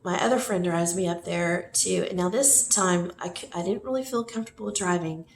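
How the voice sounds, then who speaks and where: Speaking to the camera, a woman with a lowish voice at normal speed casually tells a personal story, rambling with lots of fillers and self-corrections. The room is echoey, with faint noise.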